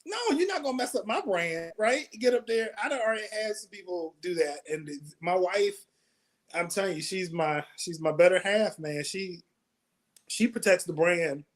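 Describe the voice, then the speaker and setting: A man hosting a comedy talk show, chatting casually and telling animated stories about booking comedians. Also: high-pitched, normal speed. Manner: animated storytelling with laughs. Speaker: comedy show host and producer. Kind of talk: casual interview chat.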